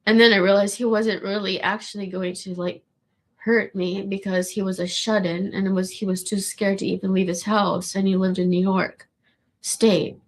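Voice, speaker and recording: A woman with a gravelly voice, rambling casually in a monologue with restarts and swearing. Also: medium pitch, flat delivery, moderate pace. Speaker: vlogger.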